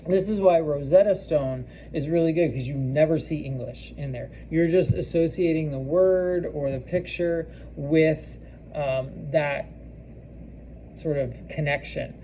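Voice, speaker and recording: A man giving a casual spoken language lesson, slowly repeating foreign phrases and using many fillers. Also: a little high, mellow, highs cut off, slight background noise. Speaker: language teacher.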